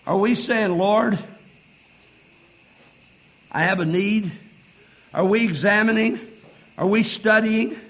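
A man preaching a sermon, reading old-style scripture and building to shouted fervor. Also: sits high, low-quality recording. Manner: reads King James scripture aloud.

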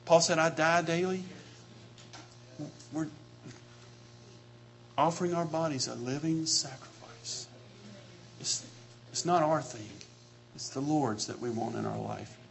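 Impassioned preacher man, high voice. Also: slow pace, vocal fry, long pauses, slight background noise. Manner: impassioned, rising to shouts, repeating phrases. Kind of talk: sermon.

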